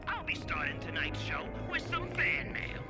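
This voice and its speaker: A man's voice: fairly high pitch, wildly swooping pitch, normal speed. An actor playing a theatrical, undead male radio host in a game, with a swooping, exaggerated delivery. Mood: breezy. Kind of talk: game voice acting. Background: music.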